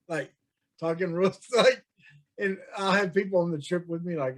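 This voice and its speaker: A man, co-hosting a podcast in casual chat, chatty and quick to chuckle. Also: high-pitched, fairly bright tone. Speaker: podcast co-host.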